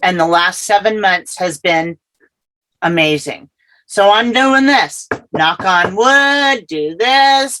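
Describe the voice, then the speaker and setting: A middle-aged woman telling her personal story as an interview guest, earnest and halting, often repeating herself. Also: mid-range voice, a bit bright, poor audio.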